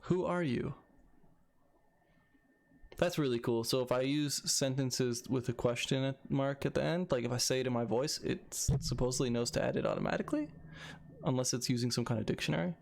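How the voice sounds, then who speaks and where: A young man chats casually about his coding project, thinking aloud and often restarting his sentences. His voice has a gravelly edge and sits at an ordinary pitch. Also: fast talker, a little mellow. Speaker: video creator.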